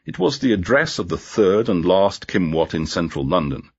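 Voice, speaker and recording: A man narrating a graded-reader story in a clear, measured way. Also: low voice, sing-song. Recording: dull lo-fi audio.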